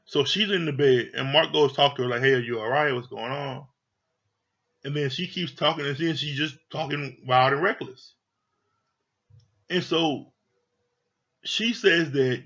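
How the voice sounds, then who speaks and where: A man rants through his review of a reality TV show in a fairly high voice, blunt and heavy on profanity. His delivery is casual and heated, like a vlogger venting to his viewers. The recording sounds dull and lo-fi. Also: gravelly, a bit bright.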